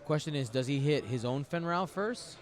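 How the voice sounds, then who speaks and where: A man's voice: a little high, lively intonation, moderate pace. A man commentating a tabletop game match live, chatty and thinking aloud, often repeating himself.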